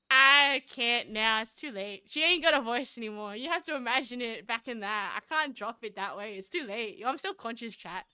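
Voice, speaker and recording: A woman's voice: fairly high pitch, animated, moderate pace, hardly any pauses, sharp tone, smooth, dry recording, clean studio sound. A young woman streaming a game live, chatting and giggling with her chat between read-aloud lines.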